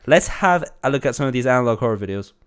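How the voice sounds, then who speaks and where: A streamer with a slight cold talks in a loose, rambling way, restarting sentences and laughing often. His voice is a man's, smooth and resonant. It sits mid-range in pitch. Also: animated, fast. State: a bit congested from a cold. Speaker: streamer reacting to videos. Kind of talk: casual live-stream commentary.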